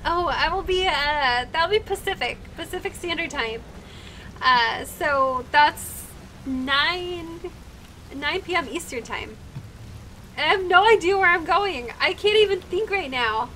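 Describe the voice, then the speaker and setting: Very high-voiced, gushing woman streamer. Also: animated, slow, pauses often, sharp tone, slight background noise. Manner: gushing, thanks viewers by name over and over; easily moved, close to tears. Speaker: live streamer. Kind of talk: casual live-stream chat while gaming.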